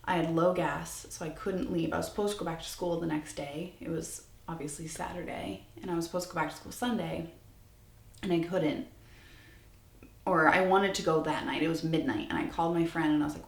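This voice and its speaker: A woman's voice: low-pitched, fairly even intonation, fairly quick, creaky. A woman in her twenties telling a personal story on her channel, candid and rambling, with many restarts. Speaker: vlogger. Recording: echoey room.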